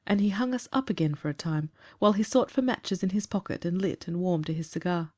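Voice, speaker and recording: A woman narrating a classic story in a composed, even reading. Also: fairly low pitch, fairly quick, few pauses.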